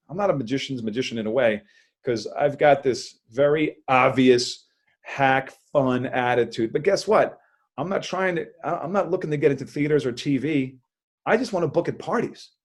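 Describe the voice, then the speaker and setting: Energetic magician guest, fairly high voice, bursts out loud when excited. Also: male voice. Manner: animated, loud bursts of enthusiasm, laughs often. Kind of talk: energetic podcast interview.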